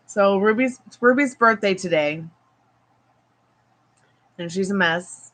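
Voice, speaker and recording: A woman's voice: mid-range voice, takes it slowly, pauses often, a bit bright, poor audio. A woman hosting a casual livestream, chatting in a rambling way full of fillers while outdoors at home. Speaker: tarot reader livestream host.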